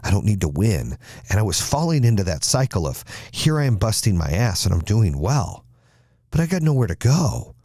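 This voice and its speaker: A man's voice: lowish voice, big pitch swings, moderate pace, warm tone, no echo, clean studio sound. A man hosting a podcast as a motivational speaker, blunt and emphatic with repeated rallying lines. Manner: blunt, emphatic, repetitive, preachy. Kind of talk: motivational talk.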